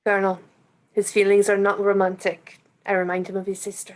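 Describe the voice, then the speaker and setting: A composed young woman who runs a cinema answers in flat, guarded phrases that give nothing away, read by a woman at a script reading. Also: mid-range voice, a little fast, natural voice. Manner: terse, flat, careful answers.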